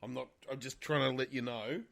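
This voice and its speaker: Gravelly man in casual podcast chat. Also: medium pitch, steady tone, a crowd in the background. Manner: swears freely, halting with fillers and restarts. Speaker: podcast co-host.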